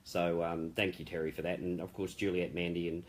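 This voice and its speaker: A man who founded an online group delivers a brisk, rambling live-stream update, chatting casually and warmly praising his members. His voice is low-pitched with a level tone.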